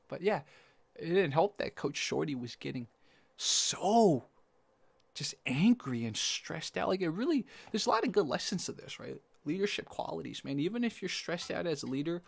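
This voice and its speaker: A young man, outdoors, casually telling a personal story to camera, acting out quoted lines with animated energy. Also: a little high, normal speed, creaky, no echo. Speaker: vlogger. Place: outdoors in sunlight.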